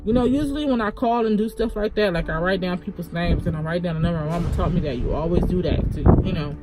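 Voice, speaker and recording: A woman's voice: on the low side, fast, loud music behind the voice. A woman vlogger retelling a personal story in a casual, rambling way, full of "like" and "you know.".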